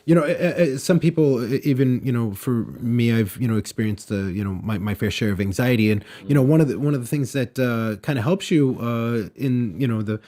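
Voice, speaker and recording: Hesitant man with a mellow voice. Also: medium pitch, fairly quick, few pauses. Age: 30s. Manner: hesitant, many fillers and restarts. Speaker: podcast host. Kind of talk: casual interview.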